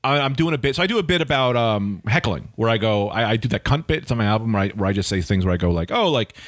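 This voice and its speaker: A man who is a stand-up comedian, telling a tall story in an animated, rambling way on a podcast. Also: lowish voice, quick pace, dry recording, studio quality. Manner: animated, rambling, heavy on filler words. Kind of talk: comic storytelling.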